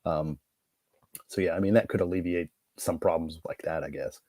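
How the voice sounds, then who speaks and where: A man with a low voice chats casually on a podcast, often trailing off and murmuring agreement. The sound is dry and close. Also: fairly even intonation, moderate pace, warm tone, dry recording. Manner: hesitant, lots of backchannel agreement. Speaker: podcast co-host. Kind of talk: casual chat.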